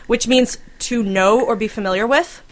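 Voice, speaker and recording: An American woman co-hosting a podcast, chatting casually with a fairly high voice. She tells stories freely, laughing often and swearing without a second thought. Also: normal speed. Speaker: podcast co-host.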